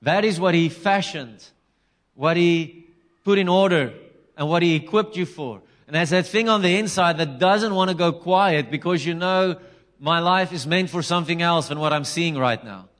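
A man preaching a conversational, animated sermon, acting out quotes and restarting phrases. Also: fairly high pitch, normal speed. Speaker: pastor.

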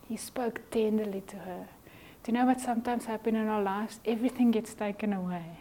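Animated woman preaching a chatty sermon. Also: on the high side, fairly quick, few pauses. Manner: animated, conversational, acts out voices in quotes, drops to a whisper at times.

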